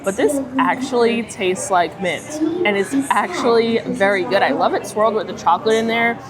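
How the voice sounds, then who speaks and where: A woman's voice: mid-range voice, normal speed. A woman hosting a casual food vlog, chatty and upbeat as she reviews dishes. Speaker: food vlogger host. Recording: crowd chatter behind. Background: crowd chatter on a cruise ship.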